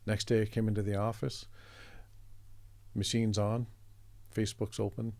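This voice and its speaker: Man, from Canada, middle-aged, low voice, conversational storytelling. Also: flat delivery, moderate pace, gravelly, a little mellow, no room sound. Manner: reflective, meandering anecdotes with restarts. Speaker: interview guest, artist.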